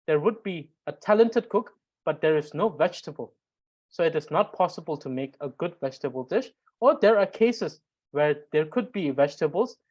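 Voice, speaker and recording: A woman's voice: on the low side, a little mellow, breathy edge. A woman teaching a grammar lesson, explaining step by step with frequent fillers and repetition. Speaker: language teacher.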